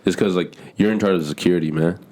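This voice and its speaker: A man's voice: deep voice, fast talker, warm tone. A man co-hosting a podcast in casual chat, laid-back and agreeable. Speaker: podcast co-host.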